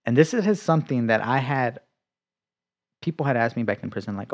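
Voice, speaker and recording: A man's voice: medium pitch, fast talker. Guy telling his faith testimony, acts out his old lines, goes whispery sometimes, kinda muffled lo-fi sound. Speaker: guest sharing a faith testimony. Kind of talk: casual conversational testimony.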